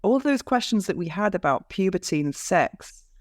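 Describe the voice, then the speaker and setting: A woman's voice: medium pitch, animated, moderate pace, no echo, studio quality. A woman hosting a podcast in a casual interview chat, talkative and laughing often, with frequent restarts. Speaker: podcast host.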